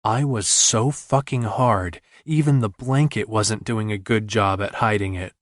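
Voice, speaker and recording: A man's voice: lowish voice, a little slow, dry recording, clean studio sound. A man reading a romance novel aloud in first person, intimate and earnest. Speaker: audiobook narrator.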